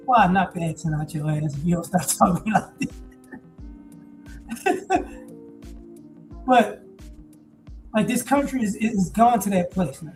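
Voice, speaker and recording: A man in his forties giving a blunt, profane, animated casual monologue. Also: high-pitched, slow, pauses often, soft background music, rough recording. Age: 40s. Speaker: commentator.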